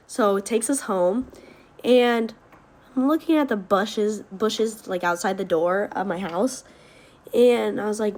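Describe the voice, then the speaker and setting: An eighteen-year-old woman telling a story in a casual, profane way, rushing through parts, laughing and shrieking when she acts out scenes. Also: medium pitch, darkish tone. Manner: rapid, profane, laughing between lines, shrieking when reenacting.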